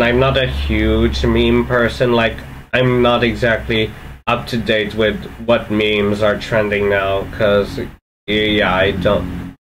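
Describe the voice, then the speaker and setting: A man giving relaxed, rambling commentary in a reaction video. His pitch sits in the middle and his pace is slow, with faint noise behind him. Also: poor audio.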